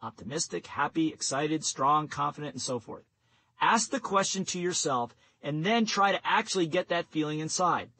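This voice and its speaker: A man narrating a nonfiction audiobook in a steady, instructive reading voice. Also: fairly high pitch, normal speed, poor audio. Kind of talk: scripted narration.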